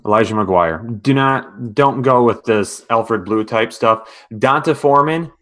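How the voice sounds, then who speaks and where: Man giving quick, decisive picks. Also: mid-range voice, fairly bright tone. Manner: short decisive answers, reads news updates. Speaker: fantasy football show co-host. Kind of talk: casual live-stream chat.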